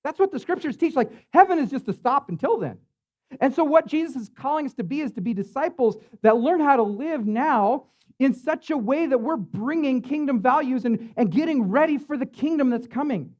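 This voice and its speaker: A man's voice: extremely high pitch, expressive, a little fast, darkish tone, muffled recording. A man preaching as a pastor in a church, in a loose, conversational way, full of fillers and tag questions. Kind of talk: sermon.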